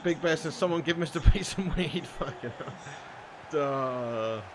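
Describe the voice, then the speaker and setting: A man's voice: a little high, measured pace, noisy background. A young British man streaming a football game live, ranting and swearing at length and laughing often between comments. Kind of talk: casual live-stream rant.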